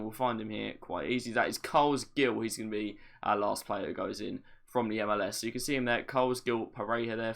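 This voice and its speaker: Chatty man with gravelly low voice. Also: a bit bright. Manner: chatty, explains steps plainly, light self-deprecating asides. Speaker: gaming video creator. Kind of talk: casual gameplay tutorial commentary.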